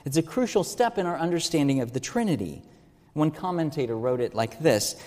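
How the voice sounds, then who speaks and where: A man's voice: on the high side, lively intonation, a little fast, darkish tone, long reverb tail. A man giving an earnest teaching sermon, stressing key words and asking rhetorical questions. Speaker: preacher.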